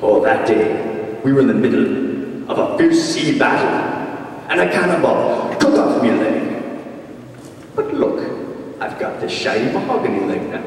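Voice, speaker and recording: A man's voice: medium pitch, sing-song, moderate pace, long pauses, darkish tone. A man voicing a cheerful male pirate with a hook and an eyepatch, growling out pirate lingo, recorded from far off in an echoey hall. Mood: boastful. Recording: distant echoey hall, faint noise.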